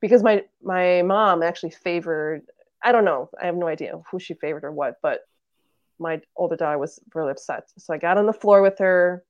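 Speaking briskly in a fairly low voice, a podcast guest in her thirties recounts a family story with earnest sincerity, voicing her relatives' words in a casual chat. The recording is muffled, with no echo.

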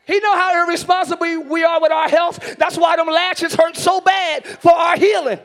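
A hoarse man preaching a shouted sermon as pastor, hollering in rhythmic repeated phrases and calling out to the congregation, recorded live in a large church. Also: very high-pitched, fairly even intonation, moderate pace, some chatter behind. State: hoarse from screaming. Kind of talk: shouted Pentecostal-style sermon. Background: church band music.

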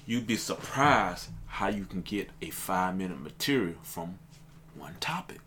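On a laid-back podcast, a man hoping to make it in stand-up speaks with earnest, motivational drive and keeps repeating "let me tell you." His deep voice is animated at a moderate pace, with background noise present.

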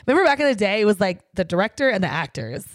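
A woman co-hosting a casual podcast, ranting in an animated way and swearing freely. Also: mid-range voice, racing, no room sound. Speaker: podcast co-host.

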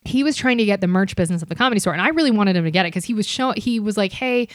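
A woman chatting as a podcast guest, spinning animated stories with quick asides and sudden jumps in energy. Her voice sits in a middle range. The sound is dry and close, with no room around it. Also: medium pitch, no room sound. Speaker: podcast guest, bartender and comedy club server. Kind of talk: casual podcast chat.

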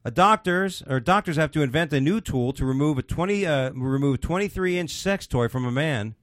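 A man's voice: a little high, lively intonation, fairly quick, fairly bright tone. A man hosting a podcast, chatting casually and reading out odd news stories in a crude, swearing, laughing way. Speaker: podcast host.

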